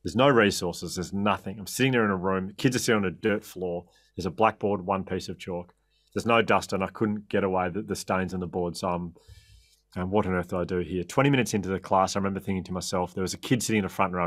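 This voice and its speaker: Australian man telling lively stories. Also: sits low, quick pace, no echo, clean studio sound. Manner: lively, laughing storyteller with frequent self-corrections. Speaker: podcast guest. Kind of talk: anecdotal interview storytelling.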